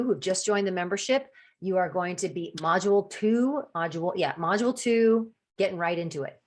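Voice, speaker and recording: A woman hosting a solo podcast as a coach, talking casually with many restarts and acting out quoted thoughts. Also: mid-range voice. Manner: chatty, acts out quoted inner voices with restarts.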